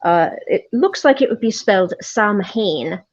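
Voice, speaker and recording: A woman's voice: fairly high pitch, sing-song, normal speed, a little mellow, husky. A woman, a guest in casual chat, explaining at length and dropping in "aye". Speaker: podcast guest. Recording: dull lo-fi remote audio.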